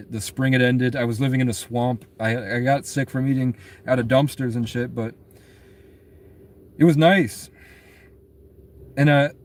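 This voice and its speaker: A man's voice: medium pitch, a little mellow. Rambling, profane young man telling stories. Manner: rambling, profane, laughs at his own stories. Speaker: musician telling his own story. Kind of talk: rambling monologue rant.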